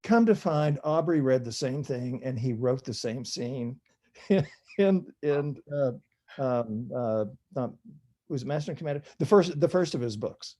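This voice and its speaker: An older man with a dark, mellow voice, telling stories as a guest on an interview podcast. He talks in a loose, chatty way, pokes fun at himself and laughs at his own anecdotes. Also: medium pitch, lively intonation, measured pace. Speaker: author guest. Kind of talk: relaxed storytelling interview.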